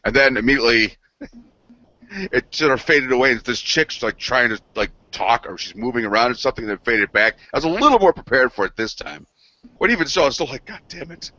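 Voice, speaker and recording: A man's voice: medium pitch, animated, fairly quick, bright, forceful tone. A man on a gaming news show, telling a rambling, profane story between laughs. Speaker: podcast co-host. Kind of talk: casual chat. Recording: dull lo-fi sound.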